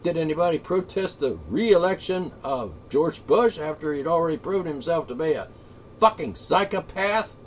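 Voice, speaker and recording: Guy with a pretty high voice going off on a sweary sarcastic rant, yelling then muttering, bit of hum behind. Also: expressive, normal speed. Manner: profane, sarcastic, swings between shouting and muttering. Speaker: political commentator. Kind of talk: angry solo rant.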